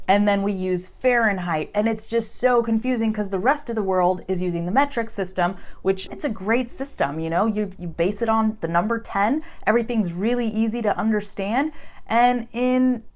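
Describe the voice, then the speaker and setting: An American woman in her thirties, an English teacher giving a casual video lesson to learners, chatty and animated, acting out quoted voices. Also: medium pitch, normal speed, hardly any pauses. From United States.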